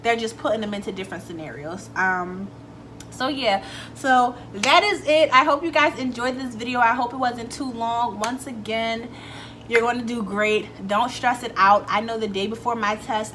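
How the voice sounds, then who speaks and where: A young woman vlogging casually, telling a story in a chatty, animated way, swearing freely and acting out what people said. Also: medium pitch, a little hiss or hum. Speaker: beauty vlogger.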